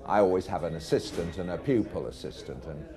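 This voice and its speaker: Deep-voiced man telling a story. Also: expressive, brisk, dark tone, soft background music. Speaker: racehorse trainer. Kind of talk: anecdotal storytelling. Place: pub, live audience.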